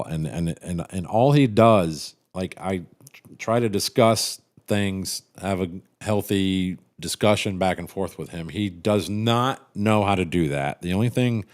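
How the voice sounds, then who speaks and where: A man's voice: deep voice, a little mellow, clean tone. A middle-aged man hosting a casual livestream, rambling and cynical, swearing freely and restarting his sentences as he reads chat. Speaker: livestream host reading chat.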